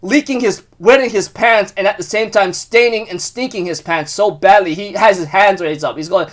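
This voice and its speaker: Excitable high-voiced young man rambling. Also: normal speed. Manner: rambling, many fillers and restarts, excitable. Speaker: manga chapter reviewer. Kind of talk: casual chapter recap.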